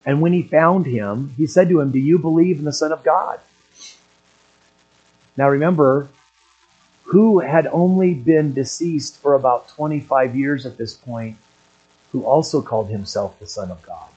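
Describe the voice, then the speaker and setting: An older man delivers a sermon in a husky, slightly rough voice at an ordinary pitch. He clears his throat between points and swings from low, quiet asides up to loud, emphatic stretches. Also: measured pace, lo-fi sound. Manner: clears his throat often, builds to emphatic raised passages. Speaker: pastor.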